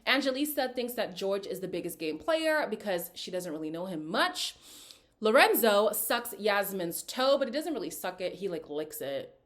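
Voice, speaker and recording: Talking straight to her viewers, a woman recaps a reality dating show with casual, opinionated, chatty commentary, slipping into quoted voices as she goes. Her voice is medium-pitched and fairly bright, very animated, at a normal speed.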